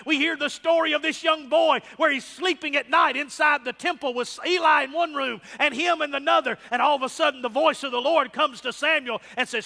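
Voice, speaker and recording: A man's voice: extremely high pitch, sharp tone. A man preaching a sermon as pastor, emphatic and repeating phrases for effect. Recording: long hall reverb.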